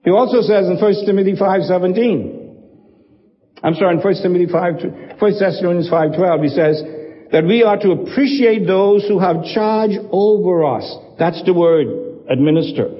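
A man's voice: high-pitched, long reverb tail, lo-fi sound. A male pastor preaching a sermon, emphatic, driving points home with repetition and rhetorical questions.

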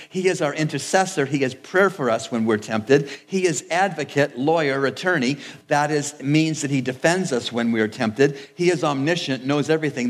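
A man preaching a sermon as pastor, in a measured, repetitive cadence in a church sanctuary. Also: mid-range voice, long reverb tail.

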